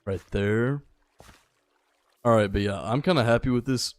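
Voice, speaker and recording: A tired young man giving relaxed, rambling live-stream commentary while he plays, chatting with his viewers. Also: medium pitch, measured pace. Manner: laid-back, rambling, chats with viewers. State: a little tired. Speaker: gaming streamer.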